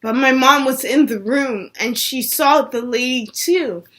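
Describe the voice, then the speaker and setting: A woman's voice: high voice, a little slow, fairly bright tone. A young woman vlogger telling a personal story in a casual chat, saying "like" a lot. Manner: chatty, says "like" a lot.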